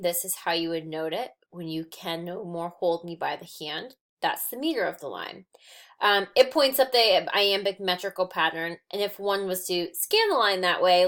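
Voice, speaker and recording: A woman delivers a recorded lecture on poetry, talking through her notes. Her explanations are patient and loose, full of ums and small restarts as she works through each point. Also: lowish voice. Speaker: teacher.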